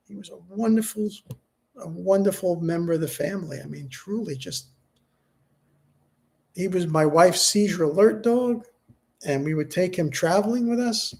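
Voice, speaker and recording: A middle-aged man, grieving and subdued, talking haltingly in a personal vlog, with many restarts and fillers. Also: high voice, darkish tone. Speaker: vlogger.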